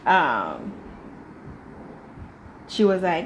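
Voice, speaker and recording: A woman giving casual reaction commentary on a reality TV episode, animated and jumping into quoted voices. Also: medium pitch, moderate pace, a little hiss or hum. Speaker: reality TV reviewer.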